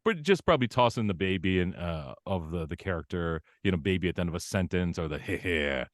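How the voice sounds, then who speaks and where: A man with a low voice speaks in a dry, close recording. He is a guest on an interview show, telling stories about his voice acting with lively energy. He laughs often and jumps into a higher, brighter showman tone whenever he quotes someone. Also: quick pace, dry recording. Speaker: voice actor guest. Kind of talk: casual interview chat.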